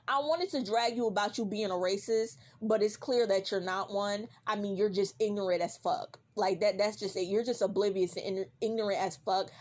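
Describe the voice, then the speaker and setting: Medium in pitch with a slightly mellow tone, a woman vlogger goes off in a casual reaction rant. She curses, gets heated, repeats things for emphasis, and talks straight at the character.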